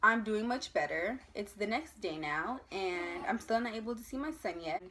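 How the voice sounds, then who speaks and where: A young woman from the United States telling a personal birth story to camera in a casual vlog, emotional and animated, acting out the voices of others. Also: mid-range voice, moderate pace, slight background noise. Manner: emotional, animated retelling with acted quotes.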